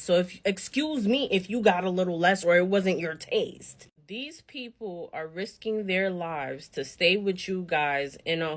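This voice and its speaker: A woman rants on social media, making her case in numbered points. Her voice sits a little low and lands each point with emphasis. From United States.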